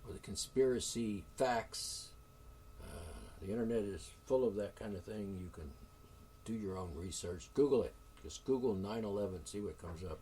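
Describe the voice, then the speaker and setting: A man's voice: on the low side, husky, far from the mic. Indignant, profane man ranting on his show. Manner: indignant, profane, with sighs and sarcastic asides. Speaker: show host. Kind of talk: solo talk show rant.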